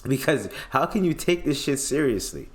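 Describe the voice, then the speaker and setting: A man's voice: mid-range voice, lively intonation, moderate pace. A man hosting a podcast, ranting in a blunt, profane, mocking way as he gives casual commentary. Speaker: podcast host.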